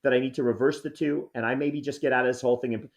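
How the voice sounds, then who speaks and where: A man's voice: medium pitch, fairly even intonation, racing. A man in his sixties, a podcast co-host, delivering a rambling, mock-angry comedic rant. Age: 60s.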